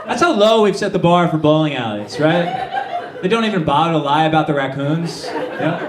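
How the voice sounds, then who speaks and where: A man with a fairly high voice works through a stand-up set with a halting, rambling delivery, restarting his lines. He is caught on a stage mic in a roomy club, heard from a distance, and the crowd is clearly audible behind him. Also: lively intonation, noisy background. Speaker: stand-up comedian. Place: comedy club stage, live audience.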